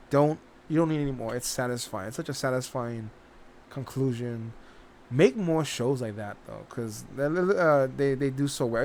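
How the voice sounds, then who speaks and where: A man talks through his thoughts on a series in a loose, rambling way, often restarting his sentences and dropping in casual swearing. His voice sits at an ordinary middle pitch. Faint ambience hums in the background. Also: darkish tone, slight background noise. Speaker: reaction channel host. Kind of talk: casual spoken review.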